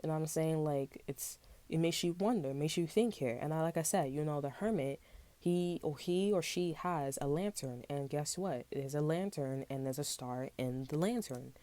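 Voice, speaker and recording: A woman's voice: low-pitched, normal speed, warm tone, no room sound. A woman giving a casual tarot reading, talking in a loose, rambling way full of slang and swearing. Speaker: tarot reader.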